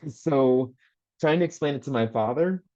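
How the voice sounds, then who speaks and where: A man's voice: medium pitch, expressive, a little slow, mellow. A man in casual group chat who tells stories animatedly, acting out quotes and laughing often. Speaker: panel guest. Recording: muffled lo-fi audio.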